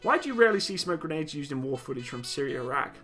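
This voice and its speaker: A man's voice: on the high side, very animated, fast talker, bright, forceful tone, faint music behind. A young man from Britain hosting a live stream, reading out chat comments and answering them bluntly with some teasing. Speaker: livestream host answering chat questions.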